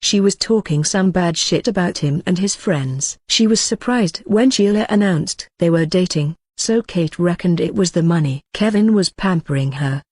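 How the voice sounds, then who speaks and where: A steady audiobook narrator reading a horror story in a measured, even way. The voice sits close to the mic in a dead, dry space with no room sound at all. The pitch is middling, neither high nor low. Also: dry recording. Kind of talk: scripted narration.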